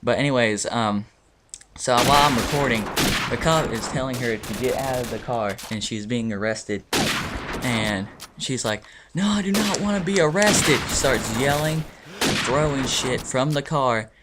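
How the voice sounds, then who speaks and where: Very noisy with loud in-game gunfire, this clip features a man chatting casually over gameplay as he tells a meandering story packed with fillers and swearing. He's a gaming video storyteller with a mid-range voice and an unhurried delivery.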